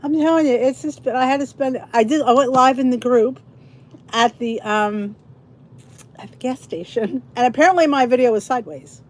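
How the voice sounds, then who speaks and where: At normal speed and in a high voice, a middle-aged woman hosts a casual livestream. She rambles to her audience, sounding tired as she chats.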